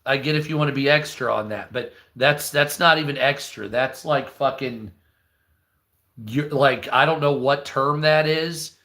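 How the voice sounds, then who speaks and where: A man's voice: mid-range voice, a little slow, sharp tone. A man from the United States giving heated, profane, rambling commentary on a live news stream.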